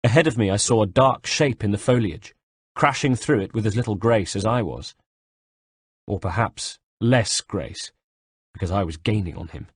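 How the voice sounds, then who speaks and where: Male audiobook narrator, low breathy voice, dry close sound. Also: moderate pace, no echo. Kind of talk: first-person audiobook narration.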